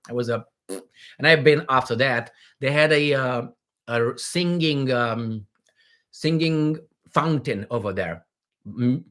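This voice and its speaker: A middle-aged man hosts a casual livestream, rambling and joking while reading viewer comments aloud, full of fillers and restarts. His voice is medium-pitched and a bit bright.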